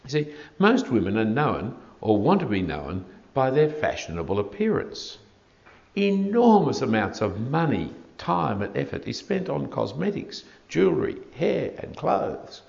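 Preaching through the text a little slowly, this man works in dry, wry comments between the verses. His gravelly voice moves up and down with lively pitch, and the lo-fi recording has a dull quality.

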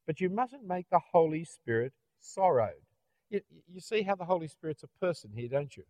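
A man's voice: fairly high pitch, very animated, normal speed, a little mellow, dry recording. A middle-aged Australian man preaching a sermon in a conversational way, often ending points with rhetorical tag questions. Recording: dull, dry, lo-fi.

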